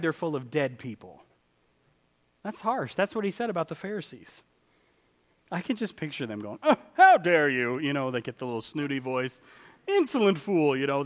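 Man in a church sanctuary, preaching with lively pitch, big swings between loud and quiet. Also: in a large hall. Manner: animated, swings from loud exclamations to quiet asides. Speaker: pastor. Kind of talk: sermon.

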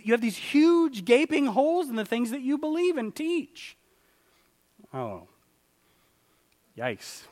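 Man in a church sanctuary, preaching with lively pitch, big swings between loud and quiet. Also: big-room sound. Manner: animated, swings from loud exclamations to quiet asides. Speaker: pastor. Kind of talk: sermon.

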